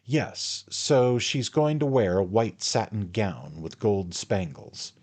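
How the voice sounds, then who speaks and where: A man voicing an eager young gentleman who chatters and takes offense quickly. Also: fairly low pitch, big pitch swings, pitched above the performer's own voice, heavily acted.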